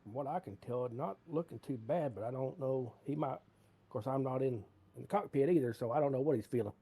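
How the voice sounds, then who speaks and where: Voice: medium pitch, fairly quick, mellow, slightly rough. A laid-back co-commentator chatting casually about a race. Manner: laid-back, laughs easily.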